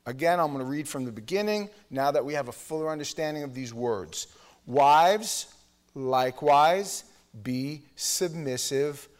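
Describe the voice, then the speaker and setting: Man, middle-aged, pastor, sermon, blunt, emphatic, mid-pitched voice. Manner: emphatic, blunt, swings between loud and hushed. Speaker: pastor teaching a Bible study.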